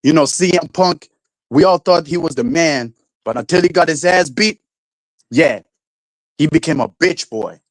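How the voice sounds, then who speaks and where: An irritated livestream host swears constantly in casual, profane chat, rambling through rants that keep restarting and raising his voice when angry. His slightly high voice has lively intonation and a normal speed with long pauses. The rough recording is dry and close, with no room sound.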